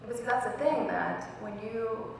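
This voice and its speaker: A woman's voice: fairly high pitch, moderate pace, creaky, background noise. A young woman giving a personal speech as a guest speaker, telling her story earnestly and acting out quoted dialogue. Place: college event hall. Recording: very echoey hall recorded from far off.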